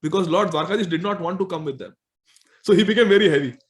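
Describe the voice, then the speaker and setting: A man telling a devotional story in a talk, animated and chuckling as he goes. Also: high voice, fast talker. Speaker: spiritual speaker.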